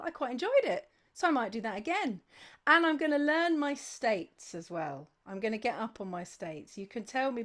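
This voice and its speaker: A woman hosting a sing-along livestream, chatting casually, gushing with thanks and reading out viewers' names one after another. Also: a little high.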